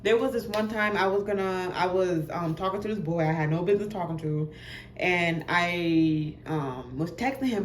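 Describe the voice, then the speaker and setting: Animated young woman telling a story. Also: fairly low pitch, normal speed, echoey room, slight background noise. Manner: animated, laughing, acts out voices in quotes. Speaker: vlogger. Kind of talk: casual storytime chat.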